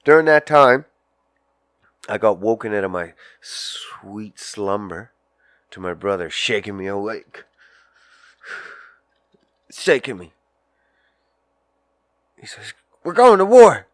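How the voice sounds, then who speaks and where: Low-voiced profane man ranting. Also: slow, pauses often, a bit bright, no echo. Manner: crude, profane, rambling, acts out voices. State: smoking a joint. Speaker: podcast host. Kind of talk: casual solo podcast rant.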